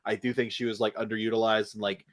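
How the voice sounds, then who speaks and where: A man's voice: on the low side, little pitch movement, quick pace, no room sound. A man co-hosting a casual podcast, chatting about a movie in a laid-back way with many "like"s. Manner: laid-back, heavy use of "like", laughs along. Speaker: podcast co-host. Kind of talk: casual movie review chat.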